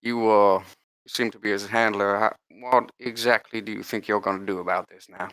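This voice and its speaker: A man's voice: lowish voice, fairly even intonation, moderate pace, fairly bright tone, dry recording, lightly acted. A man voicing a swaggering fleet officer who drawls and threatens in a folksy way, in a tabletop game. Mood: mocking.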